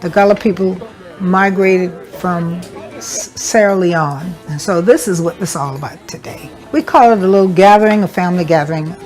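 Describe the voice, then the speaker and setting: A woman's voice: lowish voice, normal speed, a little mellow, faint music behind. Woman, homely. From South Carolina, USA. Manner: homely, explaining as she demonstrates. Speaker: caterer and cookbook author. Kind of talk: casual talk while cooking. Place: family yard at an outdoor barbecue.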